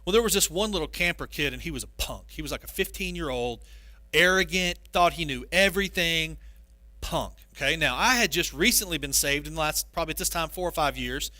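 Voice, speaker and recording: A male pastor giving a sermon, telling stories with animated, self-mocking humor. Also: fairly high pitch, brisk, no echo.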